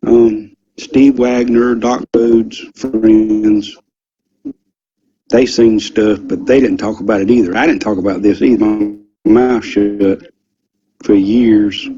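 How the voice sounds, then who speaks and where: A man's voice: on the low side, steady tone, slow, dark tone. An older man, telling a story in a rambling, folksy way with lots of ums and some swearing. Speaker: interview guest, former military security policeman. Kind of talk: casual storytelling recollection. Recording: dull lo-fi audio.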